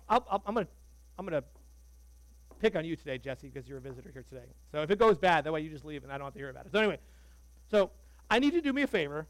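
Animated high-voiced male preacher, dry sound. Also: dry recording, rough recording. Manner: animated, conversational, joking with the congregation. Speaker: pastor. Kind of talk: sermon.

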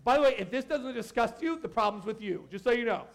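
High-voiced joking man preaching. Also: fast. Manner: animated, joking, talks to the crowd with asides. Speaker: pastor. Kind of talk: casual conversational sermon.

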